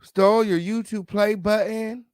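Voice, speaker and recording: Brash, foul-mouthed gossip host, dry sound. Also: male voice, sits high, steady tone, a little slow, smooth, dry recording. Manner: brash, sassy, swearing, repeats "okay" and "period". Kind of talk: profane celebrity gossip commentary.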